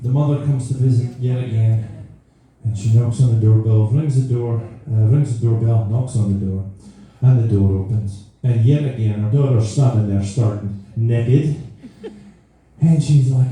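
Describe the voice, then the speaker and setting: A man's voice: medium pitch, normal speed, mellow. Man doing stand-up in a roomy venue. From Scotland. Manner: rambling, self-interrupting storytelling. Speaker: stand-up comedian. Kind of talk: live stand-up routine. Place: live comedy venue. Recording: roomy live venue, mic far off.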